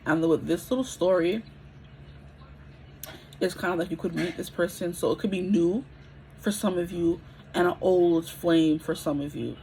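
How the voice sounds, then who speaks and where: A woman's voice: lowish voice, moderate pace, pauses often, warm tone, slight background noise, low-quality recording. A woman in her twenties giving a casual pick-a-card tarot reading, chatty and rambling, often checking in with her listeners. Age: 20s.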